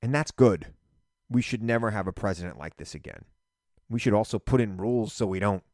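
A middle-aged man giving an animated, emphatic political monologue as a radio and TV commentator. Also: fairly low pitch, a little fast, no room sound, studio quality.

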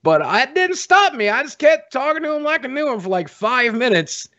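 A man's voice: extremely high pitch, very animated, moderate pace, sharp tone, no echo, highs cut off. A man rambling as a guest on a podcast, telling self-deprecating stories in casual chat. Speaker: guest panelist.

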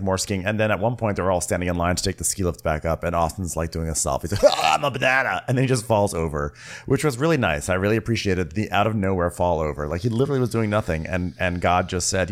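A man with a low, deep voice talks through a show recap in a loose, joking way. He is sarcastic and keeps dropping into mocking impressions of the people he quotes. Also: expressive, quick pace. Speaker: podcast co-host. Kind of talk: casual recap chat.

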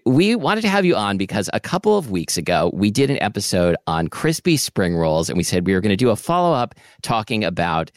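A man's voice: on the low side, very animated, fairly quick, few pauses, no echo, clean studio sound. A man co-hosting a podcast, chatting casually and asking curious questions. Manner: friendly, curious interviewer. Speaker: podcast co-host.

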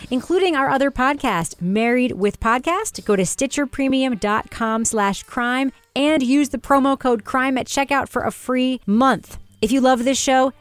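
A woman's voice: fairly high pitch, no echo. A woman hosting a podcast, chatting playfully and laughing often. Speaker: podcast host. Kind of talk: casual podcast chat.

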